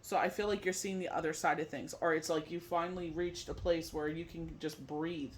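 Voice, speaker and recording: A man's voice: fairly high pitch, fairly even intonation, brisk, a little hiss or hum. A man giving a casual tarot forecast, rambling and leaning on "you know" fillers, switching between loose chat and read-out card meanings. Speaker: tarot reader.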